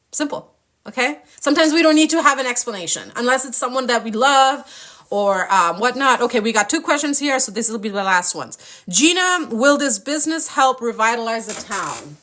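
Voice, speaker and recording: A woman's voice: a little high, very animated, normal speed, pushed and bright. A young adult woman hosting a spiritual live stream with tarot readings, talking passionately and casually, swearing often and acting out playful impressions.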